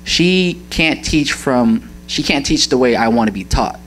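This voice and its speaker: A man's voice: mid-range voice, lively intonation, unhurried, fairly bright tone, slight background noise, low-quality recording. A young man giving an earnest church testimony about his mother, often searching for words and laughing as he talks. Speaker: church member sharing a testimony. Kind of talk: heartfelt personal testimony.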